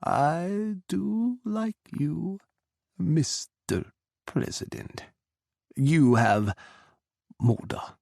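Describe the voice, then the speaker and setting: A man's voice: fairly low pitch, sing-song, a little slow, vocal fry, darkish tone, slightly rough, no room sound, studio quality, full character voice. A man putting on a sly Russian president. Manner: smirking, easy, cutting. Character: scheming restless male Russian president.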